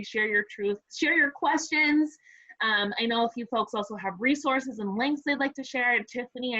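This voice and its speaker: Bright, forceful woman on a dull line. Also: mid-range voice, dry recording. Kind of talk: wrapping up a call.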